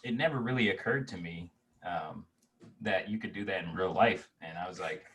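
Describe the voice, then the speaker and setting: Deep-voiced young man, rambling casually. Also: moderate pace, distant mic. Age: 20s. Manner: relaxed, rambling with many fillers and restarts. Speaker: guest. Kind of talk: casual interview chat.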